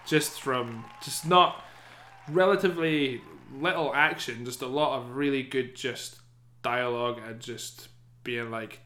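A man chatting casually as a podcast co-host, animated and swearing, often acting out characters in silly voices. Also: mid-range voice, measured pace. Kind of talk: casual chat. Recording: echoey room.

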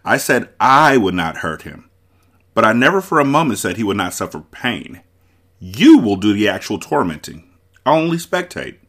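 A man's voice: on the low side, big pitch swings, normal speed, a bit bright, heavily acted. A man doing a smug, scheming prince.

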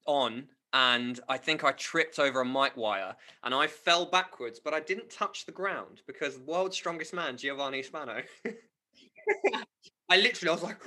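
Bright-voiced laughing man. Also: a little high. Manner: animated, laughing storyteller. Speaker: musical theatre cast member. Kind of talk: casual backstage chat.

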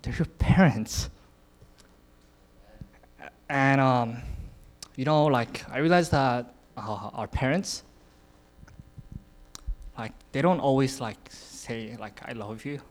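A man's voice: medium pitch, slow pace, pauses often. A man in his twenties giving an informal sermon, casual, with lots of filler words and frequent chuckles. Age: 20s. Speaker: youth speaker sharing a message.

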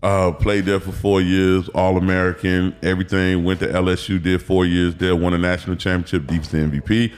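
A man in his thirties from Miami, a former pro football player, telling stories as a podcast guest in a loose, animated way, acting out quotes and swearing freely. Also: low voice, a little fast, few pauses. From Miami, Florida. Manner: animated, acts out quotes, profanity, repeats words. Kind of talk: casual storytelling interview.

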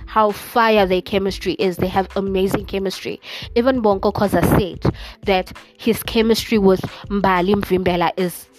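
A woman hosting a casual podcast, chatting and gushing to her listeners, from South Africa. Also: mid-range voice. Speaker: podcast host. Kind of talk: casual chat.

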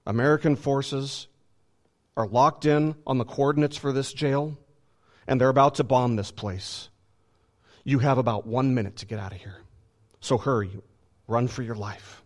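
A man voicing a hurried male soldier rescuing a prisoner, giving urgent orders in a lowered, quick voice. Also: steady tone, lightly acted.

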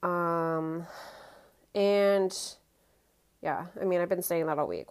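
Lady rambling thru a reality show recap, opinionated, um-heavy, kinda low voice. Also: takes it slowly, clean tone. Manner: chatty, opinionated, many fillers like "um" and "you know". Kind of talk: casual chat.

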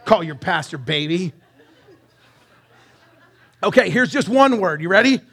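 A pastor preaching a live sermon in church, lively and joking with his congregation. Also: sits high, unhurried, vocal fry, long pauses, husky. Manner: lively, banters with the congregation and sings song snippets. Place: church sanctuary.

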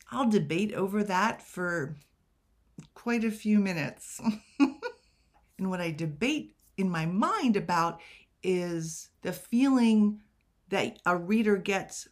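A woman's voice: lowish voice, slow pace. A young woman giving a casual writing tutorial, chatty and full of rhetorical questions with self-deprecating asides. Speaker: writing coach.

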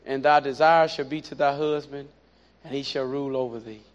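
A man preaching a sermon, animated and repetitive, with playful asides. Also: mid-range voice, a little fast. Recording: dull lo-fi recording.

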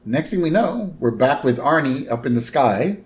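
A man's voice: mid-range voice, very animated, normal speed. A man co-hosting a podcast, casually retelling a cartoon episode scene by scene and tossing in quoted lines. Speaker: podcast co-host.

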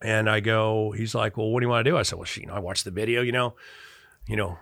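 Brief: middle-aged man from Chicago, bright voice, dry close sound, lively storyteller. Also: fairly low pitch, fast talker, vocal fry, no room sound. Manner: animated, acts out quoted dialogue. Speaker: guest. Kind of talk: casual storytelling in conversation.

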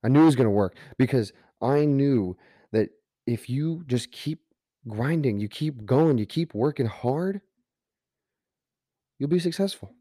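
A man's voice: medium pitch, animated, measured pace, pauses often, warm tone, no room sound, studio quality. A man hosting a podcast, telling a personal story in an earnest way that builds to emphatic motivational points. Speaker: podcast host.

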